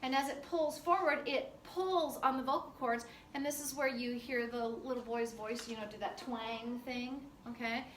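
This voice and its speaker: A woman teaching a class in a relaxed, chatty way, full of fillers. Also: a little high, moderate pace, few pauses, slight background noise. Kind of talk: classroom lecture. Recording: echoey classroom from far off.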